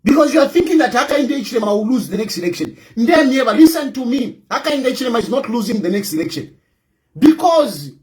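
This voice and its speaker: A man with a Zambian accent rants about politics, defiant and mocking, hammering his points home again and again. His voice sits high and swings widely in pitch, with sudden bursts of shouting. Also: sing-song, fast. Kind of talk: combative political rant.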